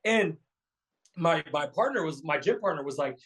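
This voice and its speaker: On a rough recording, a man in his thirties who works as a keto coach guests on a podcast, recounting his story in a chatty way packed with fillers and repeats. His slightly high voice is animated and fairly quick.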